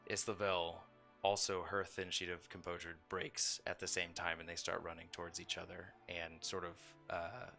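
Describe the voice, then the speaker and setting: A man narrating as dungeon master of a home tabletop game, telling the scene in a relaxed way with many fillers. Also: deep voice, moderate pace, vocal fry, faint music behind.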